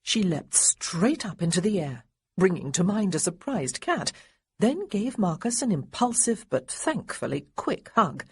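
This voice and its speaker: Female audiobook narrator, husky and breathy, animated delivery, dry booth sound. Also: mid-range voice, unhurried, dry recording. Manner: expressive, lively character dialogue.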